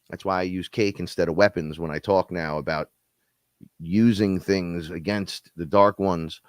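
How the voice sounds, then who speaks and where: A man with a very low, stuffy-nosed voice co-hosts a spiritual live stream. He rambles in a lively, profane way and laughs as he talks. The sound is dry and close. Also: unhurried, dry recording. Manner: animated, profane, laughs often. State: stuffy nose.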